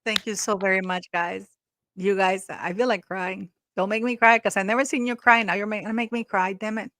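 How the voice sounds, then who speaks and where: A woman's voice: medium pitch, fairly even intonation, fairly quick, a bit bright, no room sound. Chatty woman hosting a livestream. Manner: rambling, chatty, many restarts and effusive thank-yous. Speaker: livestream host. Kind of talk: casual livestream chat.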